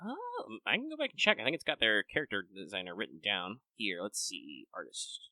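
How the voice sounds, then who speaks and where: Bright, dry-voiced man rambling casually. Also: on the low side, huge pitch swings, fairly quick, dry recording. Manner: rambling, loose explanations full of "like" and casual swearing. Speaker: podcast co-host. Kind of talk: casual chat.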